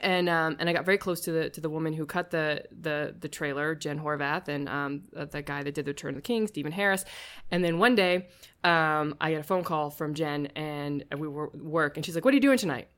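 A woman's voice: low voice, a little fast, clean tone. A woman in her thirties, a podcast guest, telling a casual story and acting out the voices of people she quotes. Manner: animated, acts out quoted voices.

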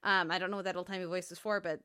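A woman's voice: fairly low pitch, flat delivery, rapid-fire, pushed and bright, clean tone. A woman hosting a TV podcast in casual chat, talking through her analysis with many fillers and laughs. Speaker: podcast co-host.

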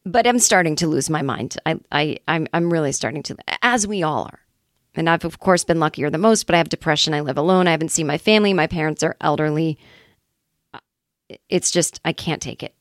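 Woman comedian, lowish voice, candid rambling monologue, dry close sound. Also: fairly quick, no echo. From Los Angeles area, California. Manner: candid, rambling, self-deprecating with swearing. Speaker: comedian, podcast host. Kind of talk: casual storytelling monologue.

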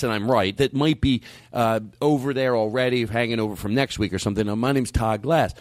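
A man spins a long, rambling anecdote with a comedian's timing. He doubles back on himself often, then his voice leaps high whenever he acts out his own outbursts. The recording is close and dry, with no room around it. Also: quick pace, hardly any pauses, no echo. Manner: animated, jumps way up in pitch acting out his own outbursts; rambling with frequent restarts and asides. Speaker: stand-up comedian. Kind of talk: casual storytelling chat.

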